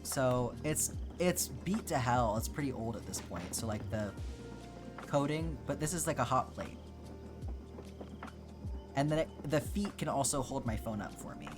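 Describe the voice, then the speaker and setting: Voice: mid-range voice, animated, measured pace, long pauses. A livestreamer chatting casually with viewers while crocheting, answering questions and playfully mock-offended. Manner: chatty, playfully indignant teasing of chat. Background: background music.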